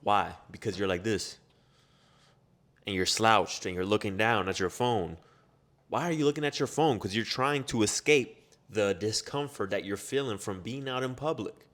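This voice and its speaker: A man delivering a self-improvement pep talk in a somewhat low voice. He is blunt and profane, and he hammers his points home with strings of quick rhetorical questions. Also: animated, fairly bright tone. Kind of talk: motivational monologue.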